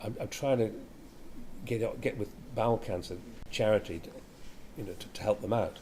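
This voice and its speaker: A man's voice: fairly low pitch, moderate pace, noisy background. Chatty older man telling stories. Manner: chatty storyteller, laughs often. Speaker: actor interviewed. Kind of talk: anecdotal interview.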